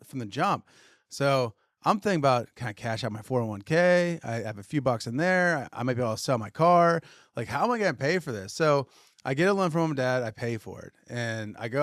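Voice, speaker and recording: A man co-hosts a podcast, spinning a story in casual chat. He voices the other people in it with lively shifts, at a middle pitch. The recording is dry and close. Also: dry recording. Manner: animated storyteller acting out quotes. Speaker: podcast co-host, retailer.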